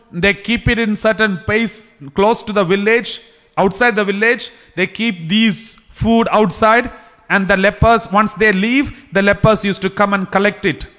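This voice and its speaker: High-voiced preacher in a reverberant hall. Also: male voice, fairly bright tone. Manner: preaching slowly with repetitions and restarts. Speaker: priest. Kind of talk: sermon.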